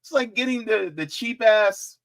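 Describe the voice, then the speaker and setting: A man's voice: sits high, a little slow. A man hosting casual political commentary, joking and talking straight to his viewers. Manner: joking, animated, talks to viewers directly.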